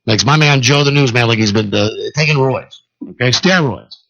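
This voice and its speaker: A male talk radio host telling a long story solo, animated and acting out the people in it, on a dull lo-fi radio broadcast. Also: medium pitch, moderate pace, creaky.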